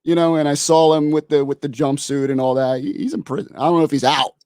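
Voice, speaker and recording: A man's voice: on the high side, steady tone, fast, darkish tone, smooth, no echo, clean studio sound. A man in his thirties, a podcast guest in casual chat, laid-back and chiming in with short replies. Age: 30s.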